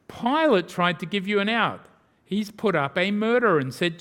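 Emphatic male preacher, slightly high voice. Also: expressive, moderate pace, a bit bright, in a large hall. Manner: emphatic, dramatic swings of pitch and volume. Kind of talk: sermon.

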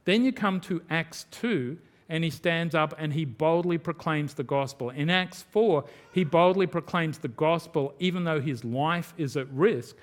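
A pastor preaches in a relaxed, conversational way, often slipping into little acted-out quotes. His voice sits a bit higher than most men's. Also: unhurried, hardly any pauses. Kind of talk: sermon.

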